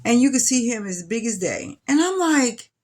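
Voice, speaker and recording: A young adult woman telling her own life story in an interview, chatty and loose, rising much higher when she quotes her younger self. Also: fairly quick, darkish tone. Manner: loose, chatty, many fillers and restarts. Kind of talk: personal storytelling.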